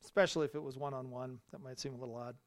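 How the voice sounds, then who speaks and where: A male pastor delivering a sermon in a church, building to loud, emphatic repeated phrases. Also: medium pitch, fairly even intonation, very fast. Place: church sanctuary.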